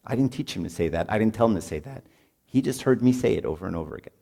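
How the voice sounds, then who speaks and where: A man's voice: on the low side, expressive, very fast, creaky, mellow. A middle-aged man, giving an informal, conversational sermon to parents and often asking "right?". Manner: informal, peppered with "right?", acts out parents and kids. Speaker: speaker at a marriage retreat.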